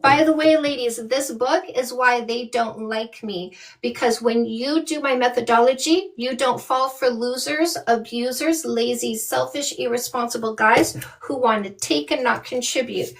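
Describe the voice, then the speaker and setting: A middle-aged dating coach from Canada chatting bluntly and animatedly with viewers on a live stream. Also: female voice, a little high, measured pace, few pauses, far from the mic. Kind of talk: casual live-stream chat.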